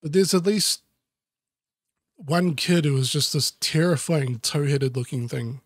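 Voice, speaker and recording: A man reading a children's book aloud with deadpan, self-mocking asides. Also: a little high, a little slow, husky, dry recording. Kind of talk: sarcastic comedic book reading.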